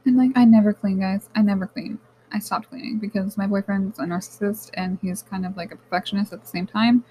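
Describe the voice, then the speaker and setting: A young woman hosting her own podcast, speaking in a candid, animated, casual monologue that often turns to swearing. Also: mid-range voice, brisk, low-quality recording. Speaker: podcast host.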